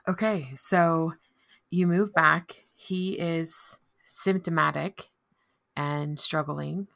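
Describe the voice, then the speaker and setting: A woman interviewing a guest, asking slow questions and giving brief, attentive reactions. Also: deep voice, steady tone, creaky, a bit bright, dry recording, clean studio sound.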